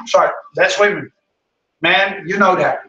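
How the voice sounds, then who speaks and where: Guy rambling thru a home cooking stream, highish voice, echoey kitchen, mic kinda far. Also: a little slow, bright, forceful tone, muffled recording, slight background noise. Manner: chatty, rambling, addresses viewers as guys. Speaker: cooking show host. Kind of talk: casual live cooking stream.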